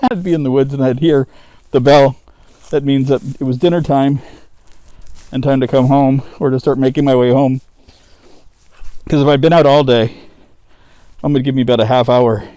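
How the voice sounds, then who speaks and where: A US East Coast man vlogs his hike along a wooded ravine trail, chatting casually, laughing, swearing, and breathless from the climb. His medium-pitched voice is mellow, and the handheld-camera recording has no room sound.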